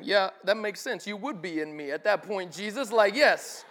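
A man's voice: high-pitched, lively intonation, moderate pace, hardly any pauses, a bit bright. A man preaching a sermon in a casual, slangy way, acting out the people he quotes. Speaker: pastor.

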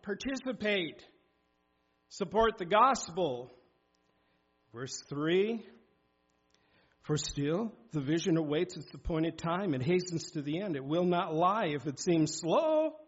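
A man's voice: fairly high pitch, lively intonation, slow pace, long pauses, slightly rough. A man preaching a sermon in a church, exhorting his hearers and reading scripture aloud with emphasis. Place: church sanctuary. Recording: dull lo-fi sound.

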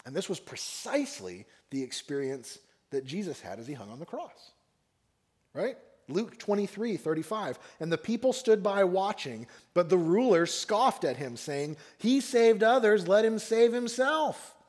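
A man's voice: on the high side, sing-song, moderate pace. A man preaching a sermon on a psalm, speaking expressively and acting out the mockers and the psalmist in raised voices. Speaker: pastor.

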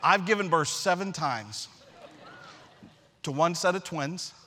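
Animated high-voiced preacher man. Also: slow, a little hiss or hum. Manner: animated, self-deprecating humor. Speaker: pastor. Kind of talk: storytelling sermon.

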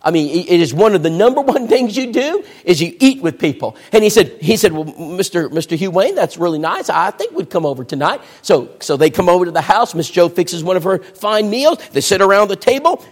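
Preacher guy telling a story, high husky voice, pitch jumping all over, big echoey hall. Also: a little fast, few pauses. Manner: animated, acts out voices in the story. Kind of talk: sermon storytelling.

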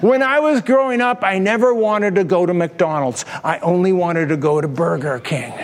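A man preaching as pastor, telling a humorous story with animated delivery. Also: sits high, moderate pace, long reverb tail. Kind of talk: storytelling sermon.

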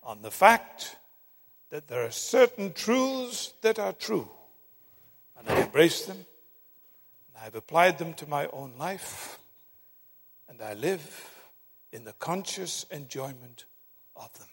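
A man preaching a sermon, telling stories with dramatic emphasis and long pauses. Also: fairly high pitch, sing-song, creaky, breathy edge. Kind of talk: sermon with storytelling. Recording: long hall reverb.

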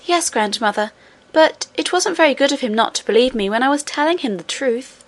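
A woman voicing an earnest little princess girl who talks in a high, excited, pleading way. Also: a little fast. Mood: eager.

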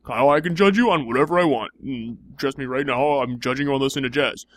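A man's voice: medium pitch, fast, fairly bright tone, dry recording. A young man in improvised comedy banter, teasing and playfully mocking.

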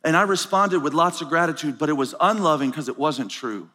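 A man's voice: a little high, fairly quick. A man preaching at a conference, telling stories and acting out the dialogue in them. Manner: animated storytelling, acts out dialogue. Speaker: pastor. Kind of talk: conference sermon. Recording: live hall with long reverb.

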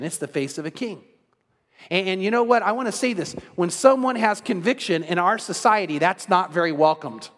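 A man's voice: high voice, long reverb tail. A man preaching an earnest evening sermon as pastor, emphatic and repetitive in his phrasing.

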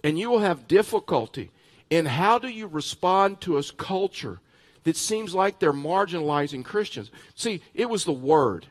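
Man, pastor, sermon, slightly high voice, animated storytelling, repeats phrases. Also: moderate pace. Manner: animated storytelling with bursts of laughter; repeats words and restarts phrases.

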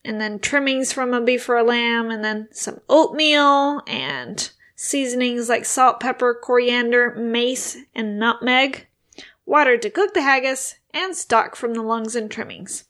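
A chatty woman with a somewhat high voice, giggling as she talks. She runs through lists in an easy, casual way, as if reading them off between laughs. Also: unhurried, fairly bright tone. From United States. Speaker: podcast co-host. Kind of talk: casual chat.

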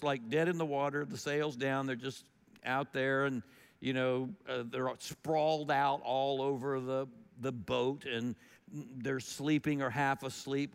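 A man's voice: medium pitch, gravelly, clear, resonant tone, in a large hall. A man preaching a sermon in a conversational, storytelling way, his volume rising and falling as he goes. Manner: conversational, animated storytelling with shifts in loudness. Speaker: pastor.

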